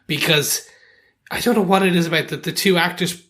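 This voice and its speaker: A British man co-hosting a podcast, his voice bright and a touch higher than most men's. He reads listener feedback aloud and chats loosely, trailing into restarts as he goes. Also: a little fast. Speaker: podcast co-host. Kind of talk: casual chat.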